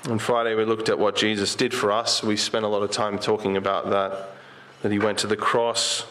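Guy preaching, chatty sermon, asks lots of questions, slows down on bible quotes, bit of hiss. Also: lowish voice, steady tone, bright, forceful tone. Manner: conversational, asks the congregation rhetorical questions; slows down and lifts his voice when quoting Jesus.

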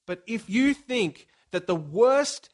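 A middle-aged pastor preaching a sermon, earnest and emphatic with dramatic pauses. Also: male voice, high voice, animated.

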